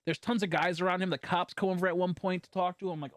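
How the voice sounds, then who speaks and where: A man streaming a game, telling a long story in a rambling, profane way full of fillers, swinging between hushed and loud. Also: high-pitched, quick pace, no echo, studio quality. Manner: animated, jumping from hushed to loud. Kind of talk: casual storytelling while gaming.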